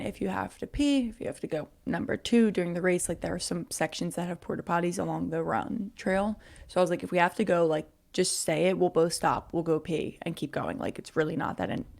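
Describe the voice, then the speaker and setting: A woman's voice: lowish voice, fairly even intonation, fairly quick, vocal fry, darkish tone. A young woman co-hosting a podcast, chatting casually and giggling, with lots of "like" fillers. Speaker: podcast co-host. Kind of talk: casual chat.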